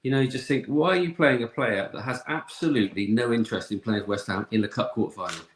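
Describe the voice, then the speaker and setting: Fast-talking blunt man in an echoey room. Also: mid-range voice. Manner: blunt, exasperated. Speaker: podcast guest. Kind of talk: casual football podcast chat. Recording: echoey room, faint noise.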